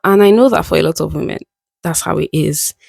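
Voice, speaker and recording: A young woman with a low voice and a gravelly fry talks to camera in a candid, musing vlog. She often laughs at herself. The sound is dry and close. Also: fairly quick, a little mellow, no room sound. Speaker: vlogger. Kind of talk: reflective casual monologue.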